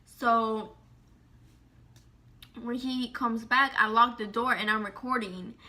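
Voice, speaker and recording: A young woman telling a personal story in a casual vlog, animated and slangy, full of "like" and swearing. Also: fairly high pitch, takes it slowly.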